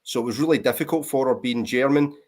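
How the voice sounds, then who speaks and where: A Scottish man from near Glasgow with a Scottish accent, chatting on a livestream panel and telling stories in a clear, measured way. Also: medium pitch, a little mellow. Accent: Scottish, Greenock near Glasgow. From Scotland. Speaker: panel guest. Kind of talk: casual livestream chat.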